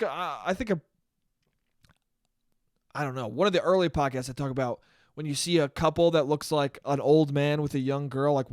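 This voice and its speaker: High-voiced man telling a rambling, profane story. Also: no room sound, clean studio sound. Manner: profane, rambling, with many restarts. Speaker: podcast host. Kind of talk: casual solo storytelling.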